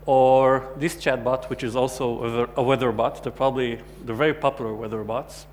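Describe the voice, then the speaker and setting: An Israeli man gives a technical conference talk in a mid-range, darkish voice, a little fast and fairly even. He keeps it light and joking, acting out quoted chats. The large conference hall adds reverb and a faint hum.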